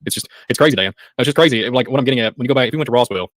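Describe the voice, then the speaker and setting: A man co-hosting a casual religious podcast, talking quickly and excitedly, with sarcastic asides and muttered trail-offs. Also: medium pitch, dry recording. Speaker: podcast co-host.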